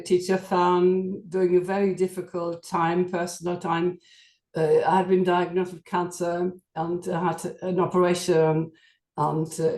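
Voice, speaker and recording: A woman giving a halting, emotional tribute at a memorial meeting, her voice shaky with feeling. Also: fairly low pitch, a little mellow, echoey room. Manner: halting, emotional, many fillers. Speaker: qigong student at a memorial meeting.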